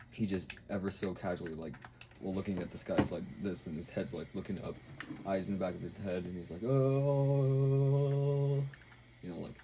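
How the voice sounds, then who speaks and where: Deep-voiced man rambling through a recap. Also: noisy background. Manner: rambling, full of fillers and acted-out quotes. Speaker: video host. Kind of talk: casual show recap.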